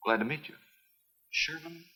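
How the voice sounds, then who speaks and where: An actor playing an absent-minded lab assistant in a 1950s film, dry and matter-of-fact. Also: male voice, on the high side, moderate pace, bright, forceful tone, husky, full character voice, poor audio. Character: absent-minded male geneticist, curt and dry.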